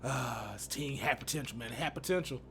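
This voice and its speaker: A man's voice: mid-range voice, brisk, fairly bright tone, a little hiss or hum. A young man from Texas giving casual, slangy commentary on a sports video game, exasperated and laughing often. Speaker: gaming YouTuber.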